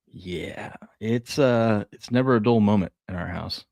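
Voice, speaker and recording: A man in his thirties who co-hosts a sports show chats casually, telling laid-back stories about his kids and laughing along the way. His voice is lowish, a little slow and a little mellow, and the recording is dry.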